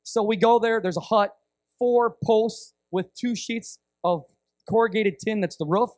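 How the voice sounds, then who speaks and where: A man's voice: sits high, measured pace, no echo. A man preaching as a guest speaker, telling a vivid story, acting out voices and checking in with "right?" often. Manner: animated storyteller, acts out voices, frequent "right?". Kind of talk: storytelling sermon.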